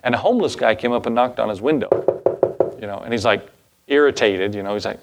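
A man's voice: medium pitch, fast. A male pastor preaching a sermon in a casual, folksy way, with asides and chuckles.

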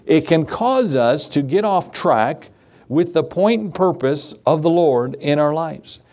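A man preaching an evening sermon in a conversational way, asking the congregation rhetorical questions and laughing softly, his pitch lifting for emphasis and dropping at phrase ends. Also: expressive, measured pace. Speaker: pastor.

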